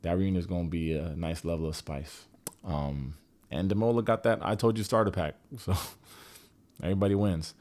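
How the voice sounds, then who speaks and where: A man with a fairly low voice recaps reality TV in a loose, casual way. He is sarcastic and profane, throwing in joking asides to his viewers. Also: fairly quick, a little mellow. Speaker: TV recap host.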